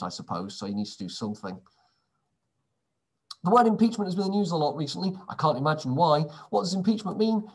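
A man's voice: mid-range voice, husky. A man reading through quiz answers in a casual way, adding wry, sarcastic asides between questions. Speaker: quiz presenter.

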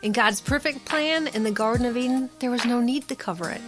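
A woman on a Bible discussion podcast, animated and fond of playful comparisons. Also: a little high, a little fast, over music. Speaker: panelist.

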